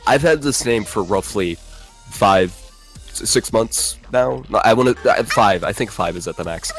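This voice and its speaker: A man's voice: fairly low pitch, moderate pace, over music. A man chatting casually in a group voice call, joking and bantering, who has a cold.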